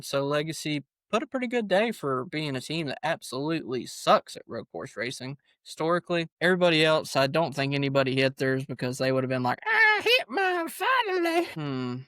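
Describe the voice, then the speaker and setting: A man's voice: on the high side, fairly bright tone, no room sound. A young man co-hosting a casual sports podcast, joking and laughing often as he talks. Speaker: podcast co-host.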